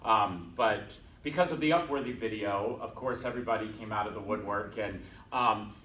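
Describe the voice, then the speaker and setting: A man's voice: on the low side, normal speed, fairly bright tone, slight background noise. A man giving a guest talk to a class, chatty and self-deprecating, acting out the voices of people in his story. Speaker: guest speaker. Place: conference room at a bank, from a distance. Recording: echoey room, distant mic.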